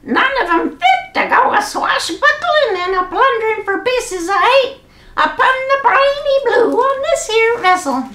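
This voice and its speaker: A woman's voice: extremely high pitch, big pitch swings, a little slow, pushed and bright, roomy sound, pitched above the performer's own voice, full character voice. A woman voicing a pirate's parrot in a squawky, boisterous way, reading a children's storybook aloud. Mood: gleeful.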